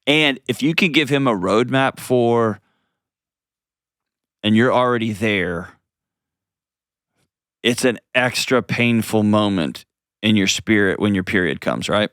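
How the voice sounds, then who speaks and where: A man with a lowish voice hosts an advice call-in show, coaching a caller earnestly and gently. He often restarts sentences as he thinks aloud. The studio sound is dry and close. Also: slow pace, pauses often, clear, resonant tone, no room sound. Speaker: host.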